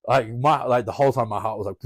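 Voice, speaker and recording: A wrestler guest on a podcast, telling a story casually, swearing often and laughing between lines. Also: male voice, mid-range voice. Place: podcast studio.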